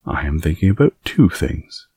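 A man's voice: extremely low pitch, big pitch swings, moderate pace, gravelly, mellow, slightly rough, no room sound, clean studio sound, exaggerated voice. A man reading an audiobook voices a curious, blunt little girl who speaks in a plain, matter-of-fact way. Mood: earnest.

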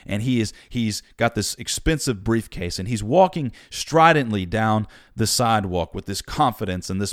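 A man delivers a sermon in a low voice, talking in a conversational but emphatic way. The recording is dry and close, with no room echo. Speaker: preacher.

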